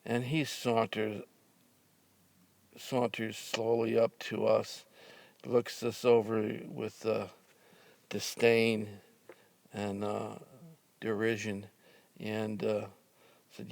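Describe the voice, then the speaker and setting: An older man casually telling a story from his youth, halting with fillers and restarts, with a dry sense of humor. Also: on the low side, completely flat delivery, creaky, a little mellow, dry recording.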